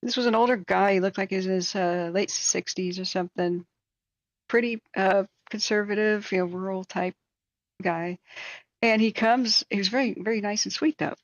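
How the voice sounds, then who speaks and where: A woman's voice: medium pitch, moderate pace, dry recording, muffled recording. A woman hosting a live stream, chatting casually and telling rambling anecdotes with plenty of fillers. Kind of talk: casual chat and storytelling.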